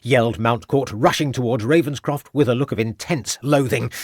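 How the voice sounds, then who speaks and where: A man narrates a crime audiobook from a script, his medium-pitched voice steady and measured. The recording is dry and clean, with studio quality.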